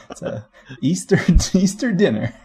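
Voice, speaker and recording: Male podcast co-host, slightly husky, wry laughing banter. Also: high-pitched, big pitch swings, slow pace, mellow. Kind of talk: casual movie review chat.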